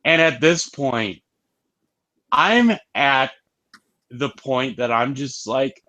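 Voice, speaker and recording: A man's voice: medium pitch, slow pace, pauses often, sharp tone. A man co-hosting a casual review show, recapping an episode with wry asides. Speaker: show co-host.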